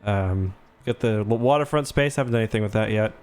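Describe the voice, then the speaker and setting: A man's voice: fairly low pitch, fairly quick, darkish tone, smooth. A young man casually chatting while livestreaming a city-building game, rambling and thanking viewers as he goes. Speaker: streamer.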